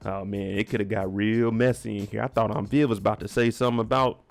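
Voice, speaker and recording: A man's voice: lowish voice, fairly even intonation, fast talker, gravelly, few pauses. A man giving a chatty, slangy, opinionated recap of a TV episode. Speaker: TV recap vlogger. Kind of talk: casual recap commentary.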